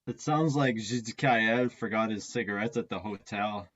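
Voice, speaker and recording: Man contestant, husky voice, lo-fi mic, joking. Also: fairly low pitch, moderate pace, fairly bright tone. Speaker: game show contestant. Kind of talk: casual joking guesses.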